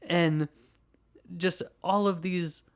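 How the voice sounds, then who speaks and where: A man's voice: on the high side, fairly even intonation, moderate pace. A young adult man hosting a podcast, cheerfully retelling a movie's plot in a casual review, laughing often as he goes. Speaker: podcast host.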